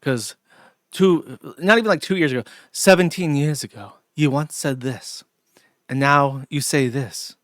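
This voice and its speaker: A man's voice: fairly high pitch, a bit bright, no room sound, clean studio sound. A man doing an impression of a dour, serious Scottish male video commentator who speaks in a downtrodden, accusing way with a Scottish accent. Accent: Scottish (put on). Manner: downtrodden, grave, slow and accusing.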